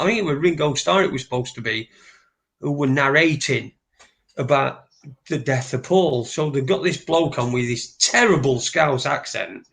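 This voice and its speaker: A man rambles through a story, swearing freely as he goes. His voice sits a little higher than most men's. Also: normal speed, creaky, a bit bright. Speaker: podcast co-host. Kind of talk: casual chat.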